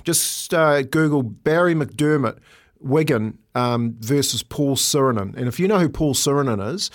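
Jokey New radio host. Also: male voice, mid-range voice, lively intonation, measured pace. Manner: jokey, laughing storyteller. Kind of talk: casual radio chat.

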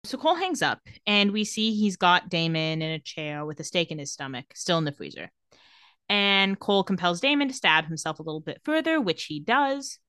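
A woman co-hosting a casual podcast recap, talking in an animated way, acting out quoted lines and laughing often. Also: fairly low pitch, moderate pace, clear, resonant tone, dry recording, clean studio sound. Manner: animated, acts out quotes with a bad British accent, laughs often. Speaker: podcast co-host recapping a TV episode. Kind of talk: casual chat.

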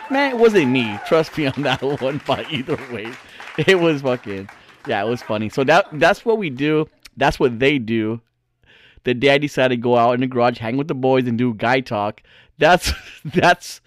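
A man's voice: a little high, dry recording, clean studio sound. A man casually telling a story to his viewers, laughing often and swearing freely.

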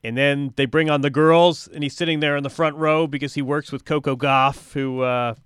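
A man's voice: fairly high pitch, steady tone, normal speed, fairly bright tone, smooth, dry recording, studio quality. A man interviewing a guest about tennis, talking conversationally with frequent restarts. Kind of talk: sports interview.

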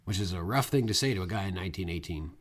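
A young man co-hosting a casual film discussion podcast, chatty and quick to laugh. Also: deep voice, lively intonation. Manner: chatty, laughs often, slips into mock accents. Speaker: podcast co-host.

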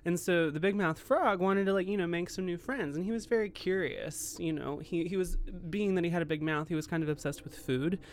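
A man's voice: sits high, fairly quick, few pauses, slight background noise. A man in his twenties co-hosting a podcast, telling a story in a rambling, self-mocking way. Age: 20s. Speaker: podcast co-host. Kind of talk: casual chat.

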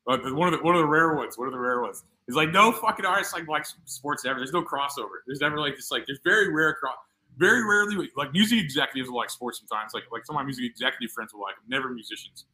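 A man's voice: medium pitch, lively intonation, quick pace, bright, forceful tone, low-quality recording. A man hosting a casual podcast chat, rambling and profane, packing his talk with filler words.

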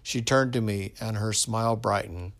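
Guy reading a sad story slow, gravelly voice. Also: lowish voice, steady tone. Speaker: narrator. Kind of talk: story narration.

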